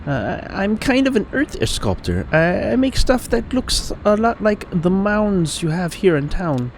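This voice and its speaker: A man voicing a young woman who is a traveling earth artist, friendly and a little hesitant, in a strained falsetto attempt at a female voice. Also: very animated, unhurried, a little mellow, a little hiss or hum. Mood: enthusiastic.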